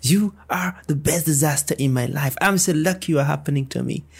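A man's voice: a little high, a little fast, gravelly, husky. A man, a podcast guest, performing spoken-word poetry with a rhythmic, playful delivery full of wordplay.

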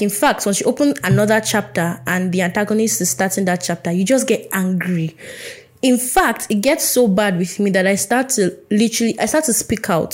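A young woman hosting a podcast, talking in a chatty, playful way and acting out little conversations. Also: mid-range voice. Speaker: podcast host. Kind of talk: casual solo podcast chat.

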